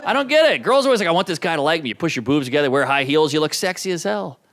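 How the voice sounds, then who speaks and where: A man doing a stand-up comedy set with a wry, self-deprecating delivery, swinging between low mutters and sudden high outbursts. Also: lively intonation, racing, a bit bright, a faint crowd. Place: comedy stage before a laughing audience.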